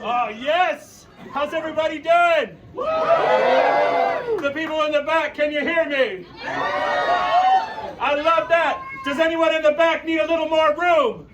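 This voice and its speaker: A man from Chicago emceeing a live music show, shouting rousing, profane, joking words to the crowd without a microphone. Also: extremely high pitch, big pitch swings, slow pace, long pauses, dull audio. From Chicago, Illinois. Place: music club stage, indoors. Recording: roomy club sound from far off, loud crowd and noise. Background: cheering crowd.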